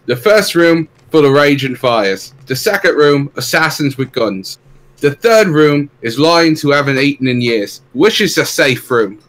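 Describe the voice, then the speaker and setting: A man's voice: on the high side, sing-song, unhurried, a bit bright. A man playing a tabletop game, hesitant and playful, cracking jokes. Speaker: player. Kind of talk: casual tabletop game play.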